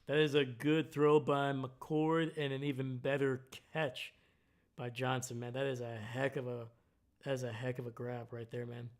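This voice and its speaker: A man's voice: mid-range voice, moderate pace. A young man casually talking over a football game on a live stream, ending nearly every sentence with "man". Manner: relaxed, says "man" after most lines.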